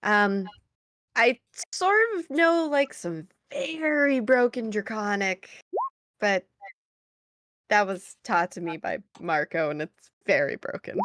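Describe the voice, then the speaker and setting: A woman's voice: medium pitch, animated, takes it slowly, a bit bright, no echo. A woman playing her character in a tabletop role-play game, chatty and giggly, often trailing off mid-thought.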